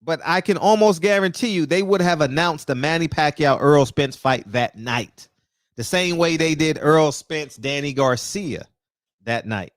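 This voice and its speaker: High-voiced man ranting, dry close sound. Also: normal speed, no echo. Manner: animated, preachy, talks straight to the viewers. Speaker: boxing commentator. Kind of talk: casual opinion rant.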